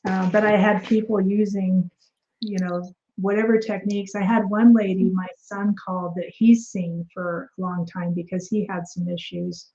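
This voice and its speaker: A woman guest in an interview, telling her story in a casual, animated way, acting out quoted dialogue with many fillers and restarts. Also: medium pitch, moderate pace, lo-fi sound.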